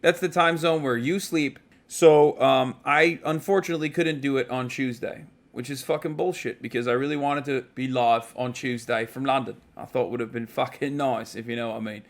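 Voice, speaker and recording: A man's voice: mid-range voice, steady tone, normal speed, hardly any pauses. A man livestreaming from a hotel room, chatting casually with rambling, profane jokes.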